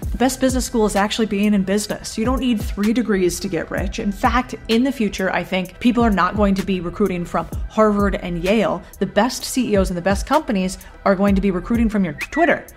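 A woman's voice: mid-range voice, a little fast, hardly any pauses, soft background music. Blunt, casual woman giving money advice. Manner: blunt, casual, swears freely. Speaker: business creator and host. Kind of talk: direct-to-camera advice talk.

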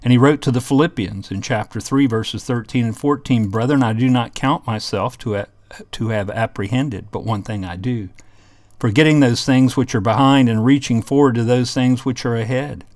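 A man's voice: medium pitch, normal speed, darkish tone, no room sound. A man teaching a Bible lesson, reading scripture passages aloud and explaining them in an earnest way.

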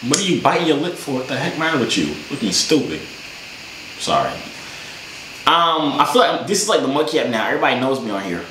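A man's voice: medium pitch, sing-song, quick pace, sharp tone, a little hiss or hum. A young man hosting his vlog, bantering and teasing strangers in casual video-chat talk over a webcam. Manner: teasing, joking. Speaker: host. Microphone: webcam or phone on a video call. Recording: roomy echo.

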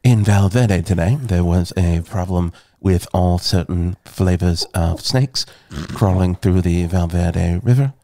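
A man's voice: deep voice, unhurried, mellow, no echo, studio quality, pitched below the performer's own voice. A man faking a grave British newsreader. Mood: solemn. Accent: put-on British. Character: stuffy British world-news announcer man.

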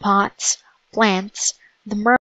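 A woman reading a children's chapter book aloud as narrator, in a slow, deliberate storytelling manner. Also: medium pitch, level tone, pushed and bright, rough recording. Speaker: storybook reader.

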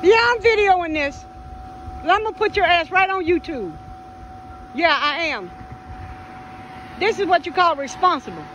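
Brief: high-voiced woman, blunt, mocking vlog commentary, phone recording by a road. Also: animated, a little slow, long pauses, a bit bright, muffled recording. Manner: blunt, teasing, profane. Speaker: vlogger filming a roadside scene. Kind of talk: casual running commentary. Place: outdoors by a road in traffic. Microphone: phone camera. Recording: phone audio with road noise. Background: passing traffic.

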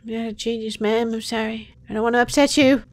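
A woman's voice: on the high side, fairly even intonation, fast talker, over music. Profane, jokey woman gaming host. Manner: profane, jokey, bursts between loud outbursts and whispers. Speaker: let's play host. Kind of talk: gameplay commentary.

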